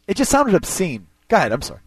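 Male sports radio host, quick and teasing, animated delivery, dry studio mic. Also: sits high, breathy edge. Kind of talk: sports talk radio banter. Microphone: studio microphone.

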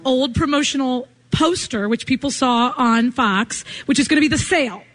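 A woman's voice: sits high, normal speed. A woman TV reporter guesting on a live radio show, bubbly and joking as she tells a story. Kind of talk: casual banter on radio. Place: outdoors at a snowy ski hill.

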